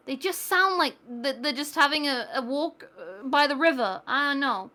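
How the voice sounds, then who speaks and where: A young British woman streaming a game, chatting in an excitable, exclamatory way with quick asides. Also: high-pitched. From Britain. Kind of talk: casual chat while gaming.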